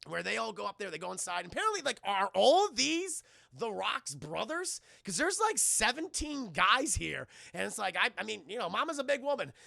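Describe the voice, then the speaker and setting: A man rambling excitedly through a film recap for his live-stream chat, often addressing the chat directly. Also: sits high, fairly quick, gravelly, no room sound, clean studio sound. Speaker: streamer doing a film review.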